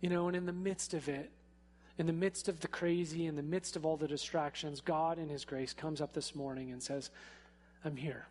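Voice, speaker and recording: Chatty guy pastor, lots of "like" fillers, high voice, church reverb. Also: a little fast. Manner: conversational and animated, with casual fillers. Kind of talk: sermon. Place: church sanctuary. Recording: echoey hall.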